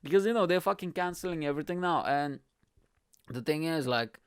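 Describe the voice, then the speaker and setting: A man's voice: a little high, expressive, a little fast, clear, resonant tone, no room sound, studio quality. A young man from Bulgaria who hosts a comedy podcast. He rambles through a profane, self-mocking monologue.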